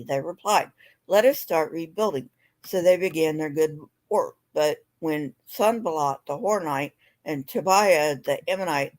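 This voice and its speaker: Sleepy and yawning, a woman with a low, darkish voice and a slightly sore throat reads scripture aloud on a live stream. Her delivery is plain and unhurried, and she signs off in loose, chatty talk full of fillers.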